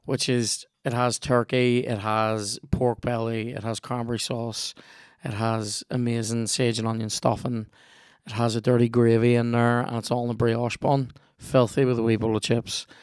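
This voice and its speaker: A man's voice: medium pitch, level tone, moderate pace, darkish tone, smooth, no echo, clean studio sound. A young man with a Northern Irish accent hosting a podcast, rambling cheekily through ad reads and casual chat, swearing freely. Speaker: podcast host.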